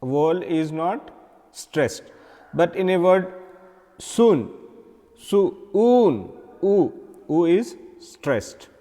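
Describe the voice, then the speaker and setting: A man with an Indian English accent teaching English vowel sounds, slowly repeating each sound and example word. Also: a little high, dark tone, big-room sound. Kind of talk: recorded phonetics lesson.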